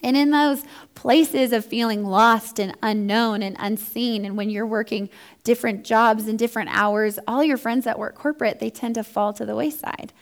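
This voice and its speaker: A woman in her thirties who founded a ministry for first responder families shares an earnest, heartfelt personal testimony. She speaks at normal speed in a fairly high voice with fairly even intonation, acting out the dialogue she quotes.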